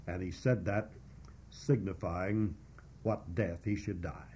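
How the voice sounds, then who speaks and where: A man preaching a verse-by-verse Bible exposition, teaching in a measured, emphatic way with frequent "uh" pauses. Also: deep voice, steady tone, mellow, a little hiss or hum. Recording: dull lo-fi recording.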